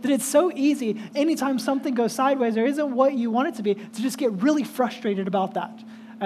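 A man's voice: very high voice, a little mellow, a little hiss or hum. A man, a pastor, preaching casually and telling a self-deprecating personal story with many fillers.

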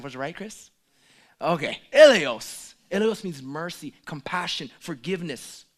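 A man preaching a sermon, swinging from hushed asides to loud, emphatic calls. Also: a little high.

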